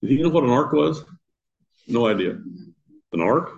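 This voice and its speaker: An older man teaches a Sunday school class in a church classroom, his mid-range voice gravelly, a little mellow, and expressive at a normal speed. He keeps things conversational, asks the class questions, and chuckles at his own asides. The recording sounds muffled.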